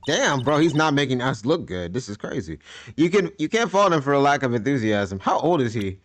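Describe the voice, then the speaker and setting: A young man casually reacting to a game on stream, tossing out slang and jokes in a lively, up-and-down voice. Soft music plays behind his chatter. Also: medium pitch, brisk. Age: young adult. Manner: joking, slangy and loose. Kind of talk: casual live game commentary.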